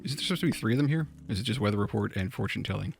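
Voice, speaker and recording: A man co-hosting a live-streamed game, chatty and technical with jokes. His voice is low and gravelly. Faint game music plays behind him. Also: animated, rapid-fire. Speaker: streamer co-host.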